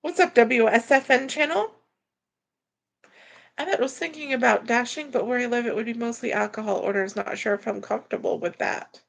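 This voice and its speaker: A woman's voice: a little high, moderate pace, creaky. A woman hosting a casual livestream, reading viewer comments and rambling through answers with frequent restarts. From Florida, US. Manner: rambling, repeats words when restarting. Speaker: livestream host reading chat. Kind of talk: casual live chat.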